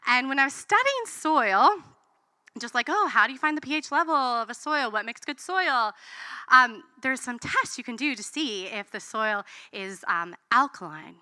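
Bright-voiced woman preaching. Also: a little high, moderate pace, no echo. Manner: animated storytelling, acts out quotes. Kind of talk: sermon.

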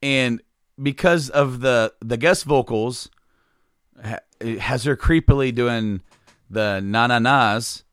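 A man's voice: mid-range voice, slow pace, fairly bright tone, clear, resonant tone, no echo, studio quality. A man hosting a casual music podcast, talking loosely with many restarts and fillers. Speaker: podcast host. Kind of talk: casual chat.

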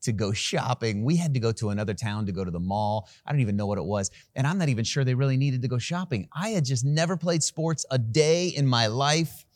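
A man preaching from the pulpit who leans into a personal story with animated, self-mocking humor. His voice sits at a middle pitch, and the sound is dry and close with no room around it. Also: a little fast, hardly any pauses, dry recording. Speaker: pastor.

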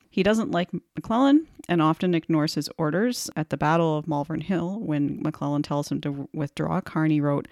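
A woman's voice: deep voice, normal speed, few pauses, a little mellow, no echo, clean studio sound. A woman co-hosting a casual history podcast, telling stories with jokes and self-deprecating asides. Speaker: podcast co-host.

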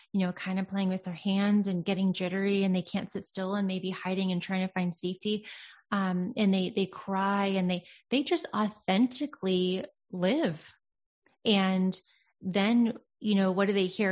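A woman's voice: mid-range voice, little pitch movement, moderate pace, a little mellow. Earnest, reflective woman in casual talk. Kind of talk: casual conversation.

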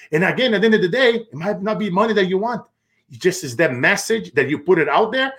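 A man's voice: high voice, a bit bright. A man hosting an interview, talking emphatically and preachily, repeating phrases. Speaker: interview host. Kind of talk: interview talk, promotional.

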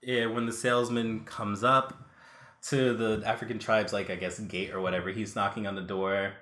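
A man's voice: fairly low pitch, little pitch movement, moderate pace, bright, forceful tone. Man, casual podcast co-host, rambling, lots of fillers, echoey room. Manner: rambling, many fillers and restarts. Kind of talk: casual chat reviewing old cartoons.

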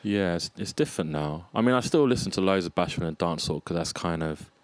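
A low-pitched man talks as a guest in a casual conversation. He is reflective and thinks out loud, restarting phrases and warming to his subject. The sound is dry and close, with little room around it. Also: fast, no echo. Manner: reflective, restarts and lists ideas, animated about music. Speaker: podcast guest, freelance arts producer.

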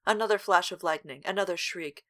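A woman's voice: fairly low pitch, a little fast, fairly bright tone. A woman co-hosting a podcast, reading a gothic novel aloud with dramatic weight and breaking in with wry jokes. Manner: dramatic read-aloud broken by wry asides.

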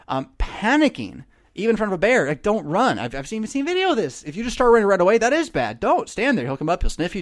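A man hosting a casual monologue, rambling and preachy, with many fillers and restarts. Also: sits high. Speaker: host.

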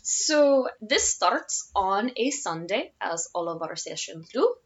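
A woman's voice: medium pitch, very animated, slow pace, dull audio. Rambling woman in her twenties. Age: 20s. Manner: rambling, many fillers, laughs easily. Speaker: player and podcast co-host. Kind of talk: casual podcast chat.

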